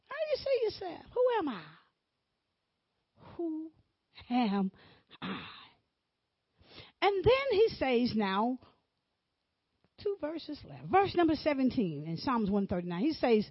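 A woman preaching a sermon, swinging from loud exclamations to hushed whispers. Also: high-pitched, very animated, slow pace, long pauses, no echo, muffled recording.

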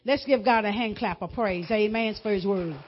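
A woman preacher delivering a sermon, reading scripture slowly and then speeding up to press her points. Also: medium pitch, dull audio, a little hiss or hum.

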